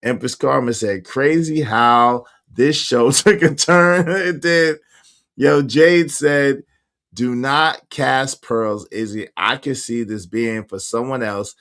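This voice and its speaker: Hosting a casual livestream, a man reads viewer comments aloud in a slangy, emphatic style, laughing often as he talks. His voice sits at a medium pitch with a fairly bright tone, and he speaks slowly. It's casual chat.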